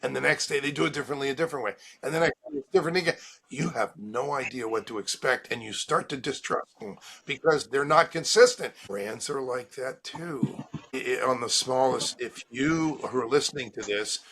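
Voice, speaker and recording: A middle-aged man, a branding expert guest, talking in an animated way and acting out little scenes. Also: mid-range voice, a little fast, slightly rough. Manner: energetic, acts out little scenes with quoted voices. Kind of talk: animated interview talk.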